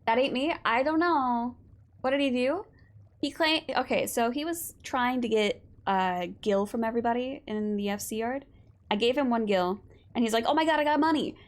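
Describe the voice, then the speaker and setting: A woman's voice: on the high side, normal speed. A young woman streaming a game live, chatting casually with viewers in a playful, teasing way and swearing now and then. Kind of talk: casual live-stream chat while gaming.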